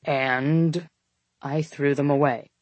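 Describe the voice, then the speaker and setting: A woman voicing a flustered, defensive young man in an audiobook, babbling and shouting back in a panic. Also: low-pitched, steady tone, slow pace, no room sound, lo-fi sound, voice pushed down. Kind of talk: audiobook dialogue.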